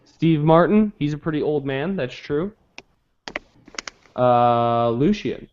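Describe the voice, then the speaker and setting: A man's voice: a little high, expressive, slow, highs cut off, slight background noise. A man hosting a casual live game show, joking and keeping score as he calls on each player.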